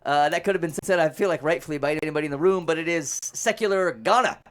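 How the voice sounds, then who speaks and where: A man's voice: a little high, slight background noise. A man hosting a podcast in a small studio, joking through a quiz game in casual chat. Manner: fast, joking, laughs often. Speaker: podcast host.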